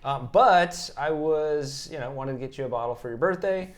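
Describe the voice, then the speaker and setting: A man's voice: fairly high pitch, moderate pace. A man co-hosting a casual chat show, easygoing and rambling, often restarting his sentences. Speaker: podcast co-host.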